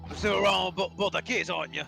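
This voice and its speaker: A man doing a gravelly, hostile prison governor. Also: sits high, very fast, sharp tone, faint music behind, pitched above the performer's own voice, exaggerated voice. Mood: gruff, hostile. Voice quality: rough, gravelly. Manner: barking, contemptuous. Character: gruff hostile male prison governor, middle-aged. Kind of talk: voicing game characters on a stream.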